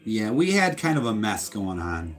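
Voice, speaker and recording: Relaxed male co-host, animated voice, casual stream banter. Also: on the low side, normal speed. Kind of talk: casual livestream chat.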